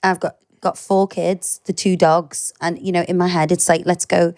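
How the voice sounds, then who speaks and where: Lively Liverpool woman telling stories. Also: fairly low pitch, moderate pace, dry recording. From England. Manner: lively storyteller, animated quoting. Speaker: podcast co-host. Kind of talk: casual chat.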